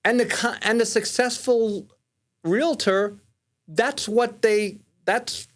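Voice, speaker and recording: A man's voice: steady tone, takes it slowly. A man in his fifties with a New York accent, a guest talking casually in an interview, rambling with many restarts. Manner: rambling, many restarts, rises in pitch when making a point. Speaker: podcast guest, mortgage lender.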